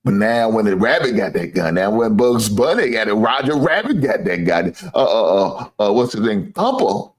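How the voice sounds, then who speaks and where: A man with a lowish voice and wide pitch swings talks at a normal speed with few pauses. He's hosting a sports show, casually ranting to viewers in a trash-talking way, bragging and teasing, swearing freely and laughing at his own jokes.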